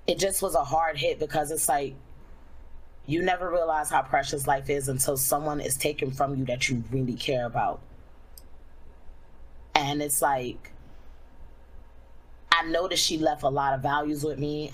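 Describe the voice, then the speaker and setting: A young adult woman, a streamer, telling a personal story candidly in a casual way, full of fillers and slowing down when she reflects. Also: low-pitched, low-quality recording.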